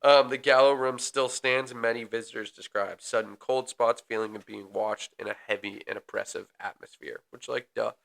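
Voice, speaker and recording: A man's voice: medium pitch, moderate pace, vocal fry, hardly any pauses. A man co-hosting a casual podcast, reading history notes with frequent ums and joking asides. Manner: relaxed, reads facts with filler ums, jokes between. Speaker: podcast co-host.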